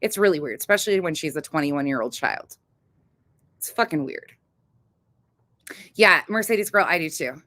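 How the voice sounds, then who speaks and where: A woman's voice: sits low, animated, moderate pace, pauses often, fairly bright tone, no echo. A woman hosting a casual cooking livestream, chatting with viewers in a blunt, chatty way, swearing freely and laughing often. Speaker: livestream host.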